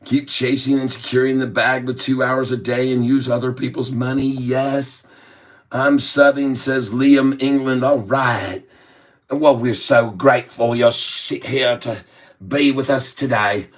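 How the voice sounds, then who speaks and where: A man's voice: medium pitch, fairly even intonation. A man hosting a stock trading livestream, chatting casually and reading viewer comments in a drawling, jokey way. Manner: drawling and jokey, chuckling between remarks; slow, drawn-out delivery when explaining trades.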